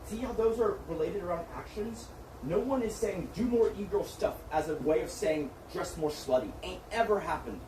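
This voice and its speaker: A man's voice: high voice, moderate pace, darkish tone. Man, heated argument, berating and profane, far from the mic, roomy echo. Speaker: streamer's manager. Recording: echoey room from far off, faint noise.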